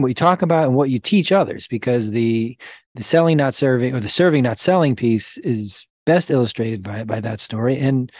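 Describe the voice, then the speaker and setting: A man hosting a podcast interview, speaking haltingly and restarting his phrases as he praises his guest. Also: medium pitch, darkish tone, breathy edge, no echo. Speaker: podcast host. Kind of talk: interview chat.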